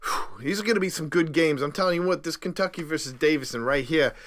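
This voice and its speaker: A man hosting his own sports show, giving bracket picks in a hyped, playful, boastful way with stumbling self-corrections and sudden loud bursts. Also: fairly high pitch, quick pace. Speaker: sports pundit host. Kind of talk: casual bracket picks monologue.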